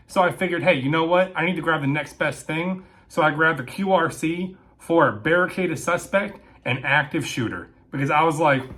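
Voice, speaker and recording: A man telling a comic story about his days as a military police dispatcher, acting out the lines with sudden shouts and asides. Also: a little high. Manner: animated, acts out quotes with shouting and asides. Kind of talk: comedic storytelling.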